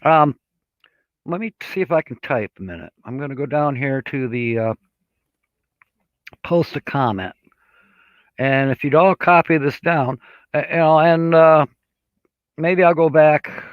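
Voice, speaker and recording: A smooth, mid-range male voice carries this laid-back live stream, recorded dry with a dull lo-fi quality. The host rambles slowly and comfortably, leaning on fillers, and reads comments sent in by viewers.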